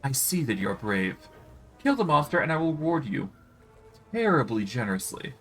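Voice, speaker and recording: A man's voice: mid-range voice, sing-song, moderate pace, soft background music, pitched above the performer's own voice, rough recording. A man voicing a vain, petulant female demon queen in a video game, whiny and clumsily flirtatious. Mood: smug. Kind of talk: reading game dialogue aloud on stream.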